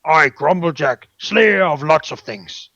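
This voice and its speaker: A man's voice: a little high, expressive, measured pace, pushed and bright, no room sound, lo-fi sound, full character voice. A man voicing a dim-witted, boastful male ogre who speaks of himself by name in broken grammar.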